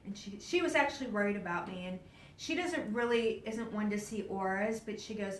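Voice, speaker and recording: A woman speaking to a live audience, telling a personal story with animated, acted-out quotes, laughs and sudden hushed whispers. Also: mid-range voice, brisk, slight background noise. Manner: laughs often while talking. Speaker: speaker at a spiritual event. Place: event hall. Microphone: distant camera mic. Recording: roomy, distant live event recording.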